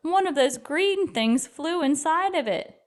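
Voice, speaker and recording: A woman's voice: sits high, animated, unhurried, pitched above the performer's own voice. A woman voicing a sleepy, panicky male royal trumpeter in a storybook read-aloud. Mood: worried. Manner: yawning, then wailing.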